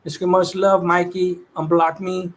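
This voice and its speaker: Livestream host, high-pitched man, casual slang-heavy chat with viewers. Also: flat delivery, normal speed, slight background noise. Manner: streetwise slang, loose and laughing.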